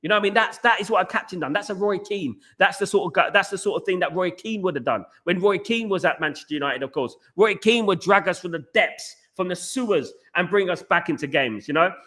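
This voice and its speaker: A young man hosting a live chat show, talking fast with lots of fillers and repeats, reading out viewer comments. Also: sits high. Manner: rapid, animated, repeats himself, lots of fillers. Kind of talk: casual live-stream chat.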